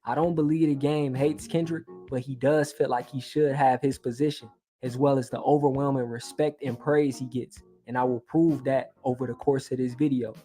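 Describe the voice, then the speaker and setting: A man's voice: medium pitch, steady tone, moderate pace, warm tone, soft background music. A man hosting a commentary video, narrating a scripted, argumentative breakdown point by point. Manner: argumentative, explains step by step. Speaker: commentary channel host.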